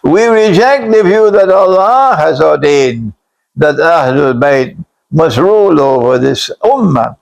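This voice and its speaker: A man delivers a religious lecture at a deliberate, unhurried pace, his slightly raised voice edged with gravel. He speaks bluntly, repeats key phrases for weight and now and then climbs to a shout. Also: high voice, poor audio. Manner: blunt, admits harsh language. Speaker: Islamic scholar lecturing.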